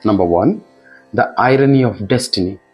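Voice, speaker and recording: A man, teaching scripture in a patient lesson and explaining each word with thinking pauses. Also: lowish voice, breathy edge, soft background music, low-quality recording.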